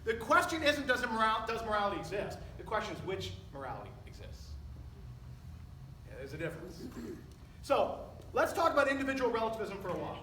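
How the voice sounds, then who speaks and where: A middle-aged pastor with a very high, bright voice delivers a sermon, pressing his congregation with emphatic rhetorical questions. He is heard from some distance in a reverberant church, with faint room noise behind him. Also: sing-song, fairly quick. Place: church sanctuary. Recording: echoey church recording from a distance.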